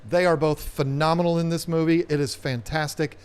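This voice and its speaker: A man's voice: on the high side, steady tone, a little fast, smooth. A man hosts a live stream about fish tanks with a slightly raised voice. He talks casually and rambles playfully between topics, joking with viewers as he goes. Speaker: aquarium channel host.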